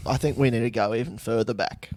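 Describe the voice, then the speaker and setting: A man's voice: medium pitch, quick pace, a little mellow. An Australian man co-hosting a podcast in casual chat, teasing and crude. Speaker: podcast co-host.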